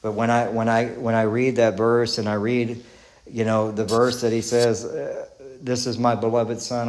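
Earnest Texan pastor preaching in a roomy hall. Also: male voice, on the low side, a little mellow, a little hiss or hum. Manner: earnest conversational preaching with repeated questions and restarts. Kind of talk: sermon. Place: church sanctuary.

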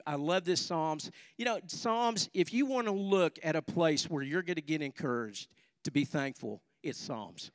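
A man's voice: fairly high pitch, expressive, moderate pace. A middle-aged man preaching a sermon in a church hall, talking conversationally and rallying the congregation. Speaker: pastor. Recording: long hall reverb.

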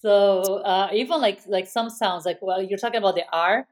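A woman's voice: mid-range voice, moderate pace. A woman, co-hosting a casual podcast and talking in a chatty way full of fillers. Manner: chatty, many fillers like "like" and "right?". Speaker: podcast co-host. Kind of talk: casual chat.

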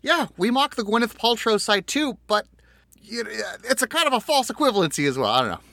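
A man's voice: very high voice, big pitch swings, quick pace, bright, forceful tone, no echo. Mumbling, sarcastic male co-host. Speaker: podcast co-host. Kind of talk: casual podcast chat.

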